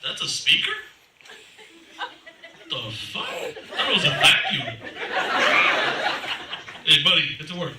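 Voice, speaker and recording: A man's voice: on the high side, lively intonation, takes it slowly, long pauses. A man from Massachusetts doing a crude stand-up comedy set, joking with the crowd from a club stage. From Massachusetts, USA. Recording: echoey club, far from the mic, noisy.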